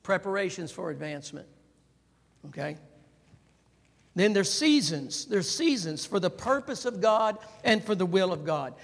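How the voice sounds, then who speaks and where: This preacher's voice is high-pitched and creaky, a bit slow, with frequent pauses. His chatty sermon keeps tagging "right?" as he animatedly asks the congregation to answer, all in a big, reverberant church sound.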